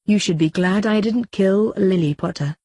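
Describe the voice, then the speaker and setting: A woman's voice: mid-range voice, moderate pace, dark tone, no echo, lightly acted. A woman voicing a cold, dismissive, ancient male vampire while reading a story aloud.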